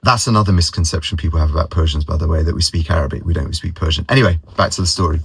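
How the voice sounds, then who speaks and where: Casual vlogger: man, very low voice, dry close sound, rambling anecdotes. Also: racing, creaky, slightly rough, no room sound. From London, England. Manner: rambling, repeats words, mimics others' voices in anecdotes. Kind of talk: casual personal storytelling.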